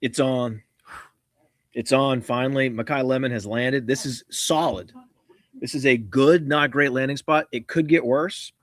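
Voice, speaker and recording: A man giving a live fantasy football reaction in short, measured verdicts. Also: medium pitch, steady tone, no room sound, clean studio sound. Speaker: fantasy analyst.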